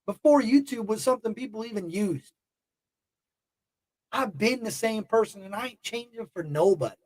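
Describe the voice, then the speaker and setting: A man with a high-pitched voice talks straight to his livestream chat, blunt and heated, swearing freely. He rambles and circles back on himself. The sound is dry, with no room echo. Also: lively intonation, normal speed, darkish tone. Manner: emotional and heated. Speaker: YouTube livestream host. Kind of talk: casual livestream talk to chat.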